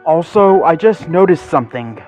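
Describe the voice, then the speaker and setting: A man's voice: fairly high pitch, normal speed, soft background music, pitched above the performer's own voice, lightly acted, low-quality recording. A man doing a cold, terse Great Dane. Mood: shivering. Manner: terse, trying to sound steady. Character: male Great Dane, cold, hiding his shivering. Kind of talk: storybook reading.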